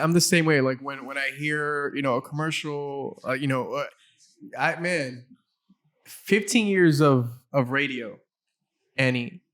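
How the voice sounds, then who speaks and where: A man hosting a relaxed conversation with a guest, his voice sitting a little high for a man. He talks in fits and starts, repeating words and restarting sentences as he works out his thoughts. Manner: halting, many restarts and fillers. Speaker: podcast host. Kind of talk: casual chat.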